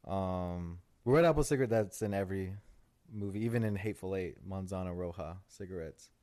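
A man's voice: low-pitched, fairly quick, darkish tone. A young man co-hosting a podcast, chatting casually in a rambling way and swearing freely. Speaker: podcast co-host. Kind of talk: casual chat.

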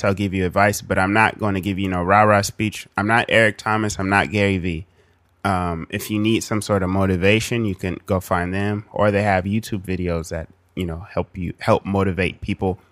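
Podcast co-host, man, low voice, dry close sound, rambling and reflective. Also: steady tone, moderate pace, a bit bright, dry recording. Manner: reflective, rambling, many ums. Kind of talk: casual chat.

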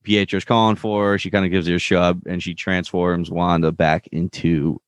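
A man with a very low voice recaps a TV episode in casual chat, acting out the characters' quoted lines. His voice is recorded close and dry, with no room sound. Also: little pitch movement, moderate pace, smooth, no echo. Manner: chatty retelling, acts out quoted lines. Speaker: podcast co-host.

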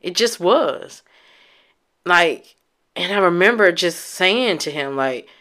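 A woman talks straight to her audience about her own life, candid and emotional. Her voice is bright and forceful, and she swears offhandedly. She often stops and restarts mid-thought. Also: fairly low pitch. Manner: reflective, halting restarts. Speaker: vlogger. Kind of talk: personal storytelling.

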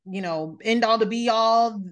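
A woman's voice: on the high side, a little slow. A woman hosting a podcast, recapping a reality show in casual, blunt chat with plenty of swearing. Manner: blunt, animated, swears freely. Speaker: podcast host.

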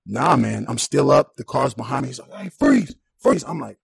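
A young man with a gravelly, raspy voice recounts a personal story in a relaxed podcast conversation. He keeps it animated, slipping into the voices of the people he describes. The sound is close and dry. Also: medium pitch, brisk, no echo. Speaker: podcast guest. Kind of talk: casual storytelling.

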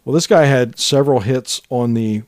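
A man co-hosting a podcast, chatting casually about old pop hits and telling stories, sometimes trailing off softly. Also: medium pitch, normal speed, no room sound, studio quality. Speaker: podcast co-host. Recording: music playing under the talk.

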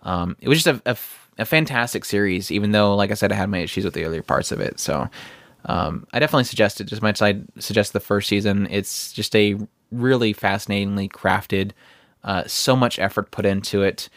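A man's voice: fairly low pitch, brisk, fairly bright tone, no room sound. A man co-hosting a podcast, rambling in a casual chat with many fillers and restarts. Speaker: podcast co-host.

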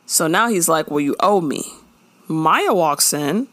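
A woman co-hosting a casual recap chat, animated and playful, acting out characters' lines. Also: sits low, measured pace, no room sound. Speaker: podcast co-host recapping a show.

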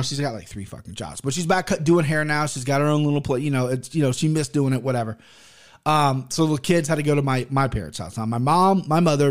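A middle-aged man hosting his own podcast, talking casually in a rambling way, swearing often and restarting his sentences. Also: mid-range voice. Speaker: podcast host. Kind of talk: casual monologue.

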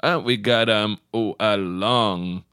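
A man playing a brash, crude poker player in an improvised comedy podcast, joking loudly and shouting now and then. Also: lowish voice, slow, smooth, no echo, clean studio sound. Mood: boisterous.

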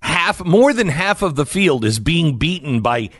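Lively wry middle-aged radio host man. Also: fairly high pitch, measured pace. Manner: storytelling, wry and self-mocking, laughs at own jokes. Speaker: radio talk show host. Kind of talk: casual talk radio chat.

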